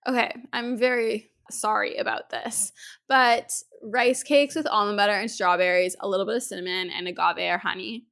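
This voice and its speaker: A young woman from Canada hosting a podcast, chatting enthusiastically with lots of fillers, her voice hoarse from a head cold. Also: medium pitch, fairly even intonation, moderate pace, fairly bright tone. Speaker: podcast host. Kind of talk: casual podcast chat.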